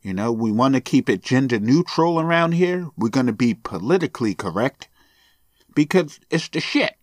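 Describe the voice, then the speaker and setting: A man's voice: mid-range voice, lively intonation, moderate pace, dry recording, clean studio sound. Sarcastic, profane man ranting. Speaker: podcast host. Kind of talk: sarcastic solo podcast rant.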